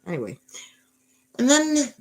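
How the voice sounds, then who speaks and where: A woman's voice: sits high, wildly swooping pitch, a little slow, a little mellow. A woman in her thirties telling a fairy tale in a wry, rambling way, full of sarcastic asides. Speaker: mother telling a bedtime story. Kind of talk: sarcastic storytelling.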